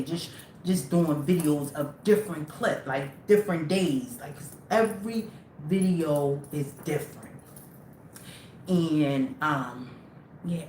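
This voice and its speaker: Woman livestream host with a lower voice, loose and rambling, addressing viewers directly, echoey room. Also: a little mellow, a little hiss or hum. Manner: rambling, talks straight to viewers. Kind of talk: casual livestream talk.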